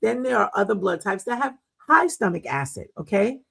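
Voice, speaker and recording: A woman's voice: mid-range voice, lively intonation, moderate pace, creaky, fairly bright tone, husky, poor audio. A middle-aged woman hosting a wellness talk, chatting casually and telling stories with frequent laughs and fillers. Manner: chatty, storytelling, laughs often, many fillers. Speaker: wellness show host.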